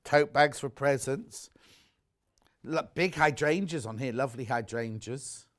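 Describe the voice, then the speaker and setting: A man presenting on a live shopping channel, chatting warmly about fabrics and reading out viewer messages. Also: medium pitch, unhurried. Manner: chatty, gushing over products, reads viewer messages aloud. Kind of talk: live TV sales chat. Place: TV studio.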